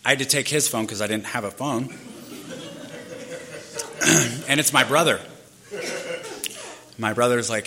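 A man's voice: mid-range voice, a little slow, pauses often, a crowd in the background. A man in his thirties candidly telling his own life story in a loose, rambling way, peppered with fillers. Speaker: speaker sharing his recovery story.

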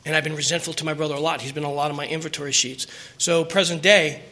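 A man's voice: fairly high pitch, steady tone, rapid-fire, bright, forceful tone. A middle-aged man telling his personal recovery story at a meeting, earnest and emotional, rambling with restarts.

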